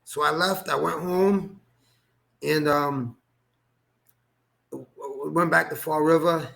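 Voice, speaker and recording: A man telling a personal story as an interview guest, animated, acting out quoted dialogue and laughing often. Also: on the high side, slow, vocal fry. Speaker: guest, former boxer.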